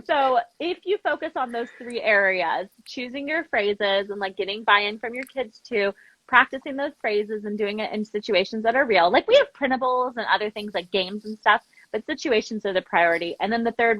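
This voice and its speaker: A woman founder of a language program, a guest telling stories in an animated, chatty way with lots of fillers. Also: mid-range voice, no echo, highs cut off. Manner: animated, quick storytelling with lots of "like". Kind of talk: casual interview chat.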